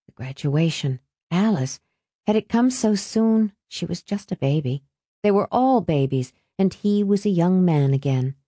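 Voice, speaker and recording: A woman reading an audiobook in a steady, even scripted narration, close to the mic. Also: on the low side, a little slow, dry recording.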